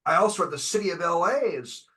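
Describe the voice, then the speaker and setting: A man's voice: high-pitched, animated, fast, a loud crowd. A man hosting a podcast who chimes in eagerly with agreement and questions in casual interview chat. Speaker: podcast host.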